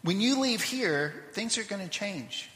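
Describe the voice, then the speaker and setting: Bright-voiced preacher in an echoey church. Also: male voice, sits high, expressive, a little hiss or hum. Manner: reads scripture aloud with rising intensity, then drops to quick asides. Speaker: pastor. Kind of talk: sermon. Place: church sanctuary.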